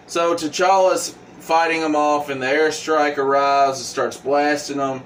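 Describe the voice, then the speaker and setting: Man, casual comic recap, halting with fillers, mic a bit far off, faint hum behind. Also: a little high, steady tone, fairly bright tone. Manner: halting, many fillers and restarts. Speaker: comic book reviewer.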